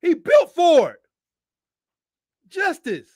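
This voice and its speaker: Guy watching football live, high voice, yells a lot, loose slangy chat, dry close sound. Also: wildly swooping pitch, slow, dry recording. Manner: loud, shouting at big plays, casual Southern slang. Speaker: live watch-along host. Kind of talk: excited game-watch commentary.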